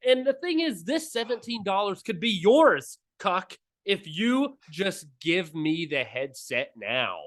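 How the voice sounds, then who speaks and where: A man co-hosting a casual gaming podcast, gushing and joking with excitement. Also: sits high, slow, hardly any pauses. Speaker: podcast co-host.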